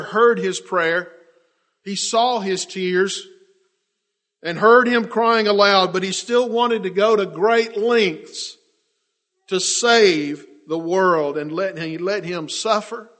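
A man preaches a passionate sermon in a high-sitting voice, moving between loud declarations and hushed, drawn-out words.

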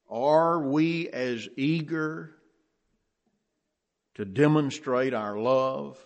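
A man preaching a sermon in a slow, measured way, lifting his voice to stress key phrases. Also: mid-range voice.

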